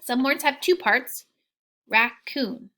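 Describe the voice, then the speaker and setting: A woman teaching young children a phonics lesson, slow and encouraging in a sing-song way, with soft whispered asides. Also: high voice.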